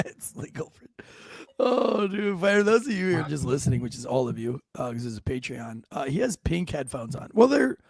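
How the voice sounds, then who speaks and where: A man hosting a podcast, telling crude stories in casual, animated banter. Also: a little high, normal speed, vocal fry, husky, no room sound. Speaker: podcast host.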